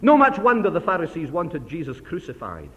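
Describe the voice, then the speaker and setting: A man delivering a sermon with real fire, his voice leaping up and dropping low to press each point home. It rings out with a long reverb from a large hall, and he often falls to a hushed aside after a loud burst. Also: huge pitch swings, fairly quick, dull audio. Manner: impassioned, swings from loud emphasis to hushed. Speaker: preacher. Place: church assembly hall.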